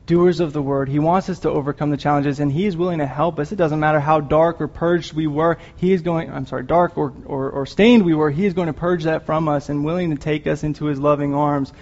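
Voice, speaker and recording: A man giving an earnest, emotional sermon, rambling at times with restarts and apologies. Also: fairly high pitch. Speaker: lay preacher. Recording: dull lo-fi recording.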